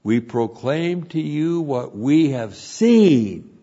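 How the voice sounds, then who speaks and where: A man's voice: fairly high pitch, lively intonation, drawn-out words, dark tone, dull audio. A man teaching verse by verse through a Bible epistle, explaining the Greek grammar and stressing key words by repeating them.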